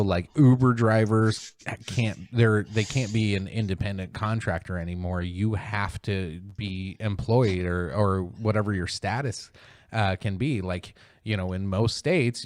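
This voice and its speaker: A man hosting a casual podcast, ranting about politics with plenty of swearing and mocking impressions. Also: darkish tone. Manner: profane, heated, mocking mimicry in high voice. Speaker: podcast host.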